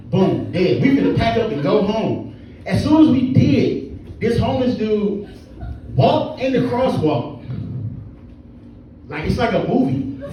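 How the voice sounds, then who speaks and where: A man doing a stand-up comedy set in a small comedy club, telling stories with animated energy and acting out the people in them. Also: sits high. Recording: echoey club from far off, crowd. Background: audience laughing.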